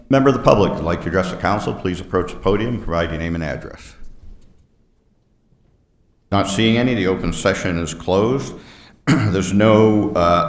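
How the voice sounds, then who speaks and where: Low voiced guy running the council meeting, roomy chamber sound. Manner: brisk, formal, with fillers. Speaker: council chair. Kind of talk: meeting procedure. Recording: echoey chamber.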